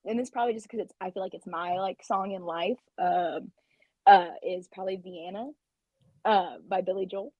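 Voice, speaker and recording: A woman's voice: mid-range voice, fairly even intonation, moderate pace, dry recording, muffled recording. A woman guest on a podcast, a pastry chef, chatting in a bubbly, easygoing way. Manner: bubbly, chatty, laughs easily. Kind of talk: casual interview chat.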